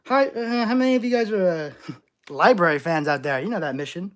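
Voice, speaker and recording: Male streamer host, playful and jokey, very animated delivery. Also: high-pitched, fairly quick. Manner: playful, reacting to chat, jokey overreactions. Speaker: channel host. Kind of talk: live stream Q&A reading chat.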